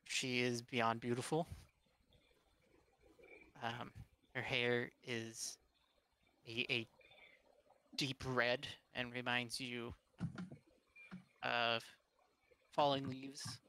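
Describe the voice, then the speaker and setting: A man narrating as game master in a tabletop game, halting and full of fillers and restarts. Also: medium pitch, little pitch movement, bright, forceful tone.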